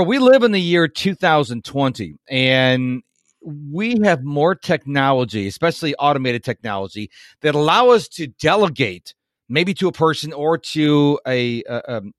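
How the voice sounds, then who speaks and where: A man's voice: mid-range voice, fairly bright tone, no room sound, studio quality. A man hosting a podcast interview, talking in an enthusiastic, rambling way with fillers. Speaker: podcast host. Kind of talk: casual interview chat.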